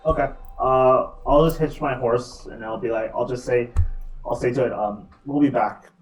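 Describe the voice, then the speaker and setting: A man's voice: mid-range voice, moderate pace, distant mic. A man playing in a tabletop game, talking casually and hesitantly with frequent restarts. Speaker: player. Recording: roomy, off-mic sound.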